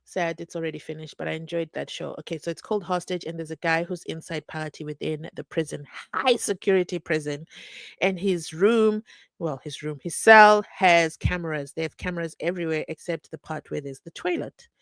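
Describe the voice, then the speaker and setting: A woman's voice: sits low, brisk, gravelly, dry recording. A woman hosting a true crime live stream, chatting casually, reading viewer comments and laughing often with mock-incredulous questions. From South Africa. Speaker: true crime channel host.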